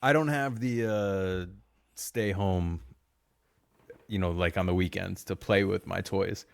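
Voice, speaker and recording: A man's voice: low-pitched, fairly even intonation, takes it slowly, vocal fry, no room sound. A man co-hosting a podcast, telling rambling stories in casual chat and laughing often. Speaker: podcast co-host.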